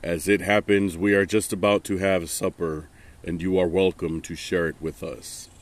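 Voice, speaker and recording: A gruff old-world satyr, the bearded, horned head of his family, speaks bluntly and sternly in a storybook tale, as a man reads him. His voice sits deep and low. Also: flat delivery, normal speed. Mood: gruff, curious. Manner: stern and blunt, growing indignant.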